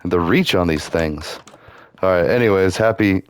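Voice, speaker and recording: Low-voiced male gaming host, loose and rambling casual commentary. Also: normal speed, clean tone, dry recording. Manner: rambling, loose, full of "like" and asides.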